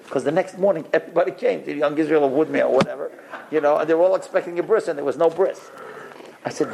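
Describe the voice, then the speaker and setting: A man who is a rabbi and mohel, telling stories to a group in an animated way and acting out the dialogue himself. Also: a little high, normal speed, gravelly, pauses often, background noise. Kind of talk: storytelling talk.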